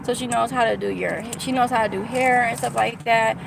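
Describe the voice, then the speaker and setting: A candid woman from California talks casually to her livestream viewers, rambling and restarting her thoughts as she goes. Her voice sits a little high. A faint hum of background noise runs under it. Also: steady tone, brisk, creaky. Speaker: YouTuber talking to live chat.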